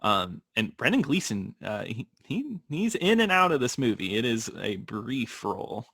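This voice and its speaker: A man co-hosting a film podcast in casual chat, laughing often and talking in an animated way. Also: mid-range voice, moderate pace, gravelly, slightly rough, dry recording, clean studio sound. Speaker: podcast co-host.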